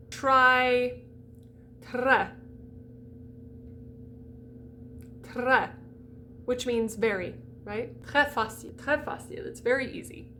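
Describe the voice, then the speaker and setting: A woman's voice: on the high side, fairly bright tone, slight background noise. A woman voice coach giving a diction lesson, demonstrating sounds and speaking directly to the viewer.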